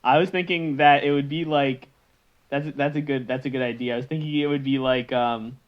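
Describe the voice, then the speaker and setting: A man's voice: on the high side, fairly even intonation, normal speed. A man co-hosting a podcast in casual chat, loose and laughing, sometimes slipping into goofy voices. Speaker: podcast co-host. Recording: slightly dull lo-fi mic.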